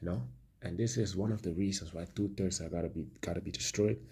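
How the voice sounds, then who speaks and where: A man giving halting preaching commentary, repeating words and ending phrases with "man". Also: low voice, gravelly, mellow, slightly rough. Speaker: religious commentator.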